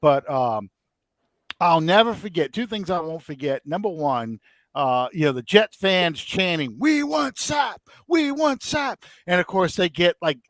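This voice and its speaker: A man's voice: on the high side, moderate pace, dry recording. A middle-aged man, hosting a podcast and telling a story in casual chat, acting out the quotes he tells. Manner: animated, acts out quotes. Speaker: podcast host.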